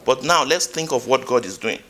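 A male preacher delivering a sermon in a bright, ringing voice. His pitch leaps and falls, with loud emphatic peaks and quiet asides. He asks the congregation questions and reads scripture aloud. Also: animated, moderate pace.

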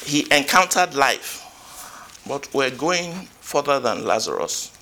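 A man preaching a sermon, asking the congregation questions and reading scripture aloud, swinging between loud emphatic peaks and quiet asides. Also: mid-range voice, big pitch swings, slow.

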